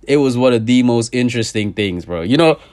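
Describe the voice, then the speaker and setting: A young man hosting a podcast, ranting casually and profanely, his voice swinging from loud outbursts to low asides. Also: expressive, fairly quick. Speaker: podcast host. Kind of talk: casual comedic rant.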